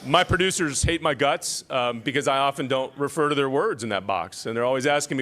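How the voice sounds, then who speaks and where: A man's voice: mid-range voice, animated, quick pace, hardly any pauses, fairly bright tone. A man emceeing an awards ceremony, reading citations with self-deprecating joking asides.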